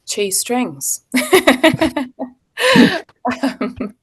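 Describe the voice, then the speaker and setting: A woman's voice: mid-range voice, animated, extremely slow, husky. A woman, an actor chatting as a guest and telling anecdotes with frequent ums and laughs. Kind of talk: casual interview chat.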